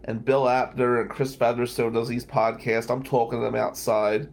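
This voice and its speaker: A man's voice: mid-range voice, level tone, normal speed, gravelly, a little mellow. A man, a lawyer hosting a radio talk show, telling a story in a loose, joking way, often laughing and swearing. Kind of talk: storytelling monologue.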